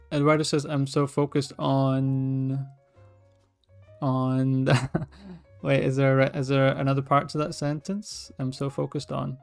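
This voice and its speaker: A young Scottish man talking to viewers on a livestream, loose and rambling, tripping over and restarting his sentences. His pitch sits at an ordinary middle height. Quiet music plays faintly in the background. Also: gravelly. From Scotland. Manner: rambling, chatty, restarts a lot. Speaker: artist livestreaming. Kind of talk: casual livestream chat.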